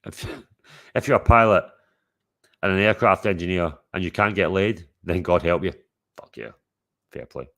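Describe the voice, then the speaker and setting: Rowdy, foul-mouthed stream host. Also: male voice, sits low, normal speed, gravelly, long pauses, a bit bright. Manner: rowdy, swearing, teasing. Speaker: livestream host. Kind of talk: casual chat to a live chat.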